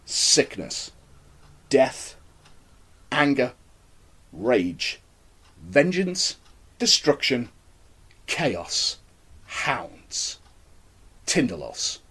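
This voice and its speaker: A man reading his own horror-comedy story aloud in an expressive, wry manner. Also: medium pitch, slightly rough.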